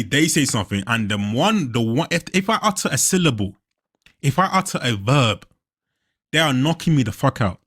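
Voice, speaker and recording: Young male reaction host, brash swearing delivery, bright voice, lively pitch. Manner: animated, profane, laughs often. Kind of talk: casual reaction commentary.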